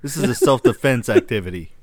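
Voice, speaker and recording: A man's voice: medium pitch, expressive, quick pace, a little mellow, no echo, studio quality. Laid-back joking man from Arkansas. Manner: joking, laughs often. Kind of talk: casual chat.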